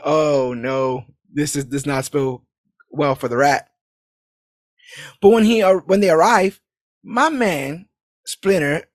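A man recapping a movie in casual podcast chat, animated and laughing as he acts out lines. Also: fairly high pitch, no room sound, studio quality. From New York City. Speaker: podcast co-host.

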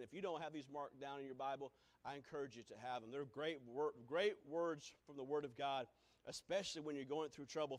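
In this sermon, the male preacher shifts from loud, thundering cries to quiet passages, now and then slipping into snatches of sung hymns.

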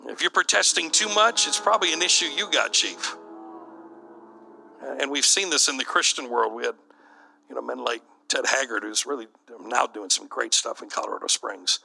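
A man's voice: medium pitch, normal speed, vocal fry, bright, forceful tone, faint music behind, low-quality recording. A middle-aged man, a bishop, preaching to church leaders in a conversational, storytelling way.

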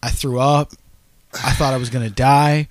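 A man's voice: mid-range voice, steady tone, moderate pace, dry recording. A man co-hosting a podcast, trading sarcastic, profane jokes in casual banter. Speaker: podcast co-host.

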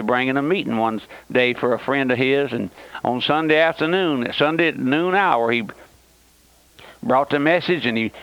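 A man's voice: on the high side, a bit bright, smooth, dry recording, lo-fi sound. An older man preaching a radio sermon, pleading fervently and speaking straight to the listener.

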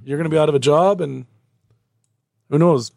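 Gravelly-voiced man in casual chat. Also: on the high side, moderate pace, a little mellow, no echo, studio quality. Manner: swears, rambles with many fillers.

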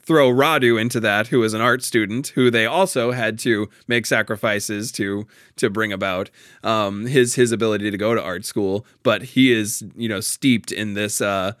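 A man's voice: on the low side, steady tone, normal speed, a bit bright, no room sound, studio quality. A man in a casual, thoughtful discussion of a play, often restarting his sentences and laughing lightly.

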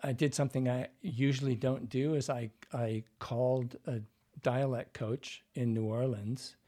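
A man's voice: mid-range voice, little pitch movement, unhurried, mellow. A man working as a dialect coach, telling rambling anecdotes in an interview, full of fillers and restarts.

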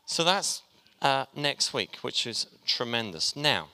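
A man's voice: mid-range voice, very animated, slow pace, vocal fry, sharp tone. A man preaching a sermon, chatty and joking with his congregation as he talks. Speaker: pastor. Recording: long hall reverb.

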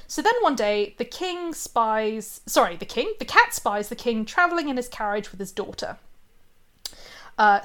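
A woman's voice: fairly high pitch, fairly bright tone. A woman retelling a fairy tale in casual chat, with lots of fillers, asides and giggles.

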